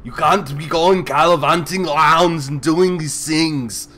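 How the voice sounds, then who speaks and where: A man voicing a gruff, muscular male action-hero fixer who gives blustery orders. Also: on the high side, unhurried, bright, forceful tone. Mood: commanding.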